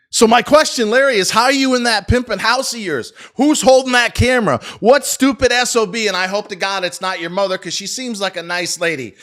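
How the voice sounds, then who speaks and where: A man's voice: very high voice, a bit bright. A middle-aged man hosting a stock trading channel, ranting sarcastically and profanely as he comments on the market, rambling with frequent restarts.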